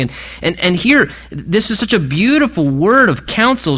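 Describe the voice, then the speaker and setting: A middle-aged man preaching a sermon, earnestly quoting scripture with dramatic pauses. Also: high-pitched, animated, fairly bright tone, highs cut off. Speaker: pastor.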